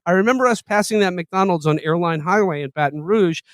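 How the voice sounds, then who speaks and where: A man with a notably high voice co-hosting a comedy podcast. He reads long passages aloud with wry, deadpan amusement. The mic is close and dry. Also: fairly quick, no room sound. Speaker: podcast co-host. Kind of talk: casual comedic chat, reading quotes aloud.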